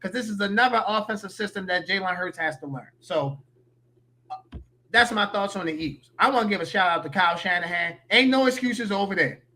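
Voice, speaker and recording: A man's voice: high voice, fairly quick, pushed and bright, a little hiss or hum. A man giving opinionated, slangy sports talk as a podcast guest.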